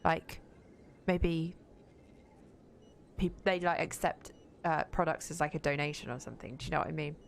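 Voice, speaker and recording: A woman's voice: deep voice, moderate pace, gravelly, pauses often, slight background noise. A young woman streaming a game, chatting bluntly with viewers and swearing freely. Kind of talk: casual gaming stream chat.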